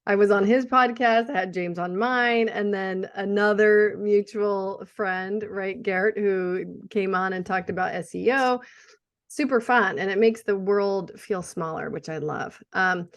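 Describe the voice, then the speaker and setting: A woman's voice: mid-range voice, a little slow. A middle-aged woman hosting a podcast interview, upbeat and enthusiastic, affirming her guest. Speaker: podcast host.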